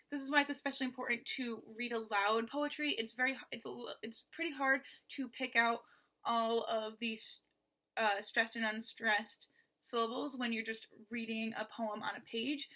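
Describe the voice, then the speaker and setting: A woman gives a patient lesson, leaning on syllables to show where the stress falls. Her voice sits a little high and sounds bright and forceful. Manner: patient, stresses words to demonstrate. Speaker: teacher. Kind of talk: explaining poetry lesson.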